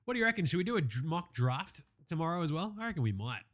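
A man's voice: a little high, fast. A young Australian man hosting a basketball recap show, chatting casually with lots of swearing and jokes. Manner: profane, joking, excitable banter. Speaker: basketball podcast host.

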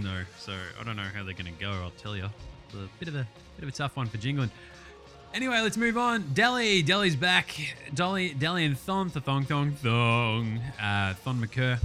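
A man's voice: mid-range voice, fairly bright tone. A young Australian man hosting a casual basketball podcast, rattling off stats with jokes, swearing and lots of fillers. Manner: profane, jokey and enthusiastic, with many fillers. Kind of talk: casual sports recap podcast.

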